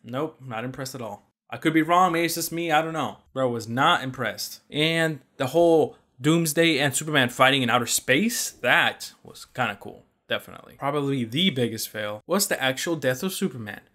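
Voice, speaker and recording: A man's voice: mid-range voice, moderate pace, few pauses, bright, forceful tone. A young man giving a casual, blunt movie review, exasperated and swearing freely. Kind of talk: casual opinion rant.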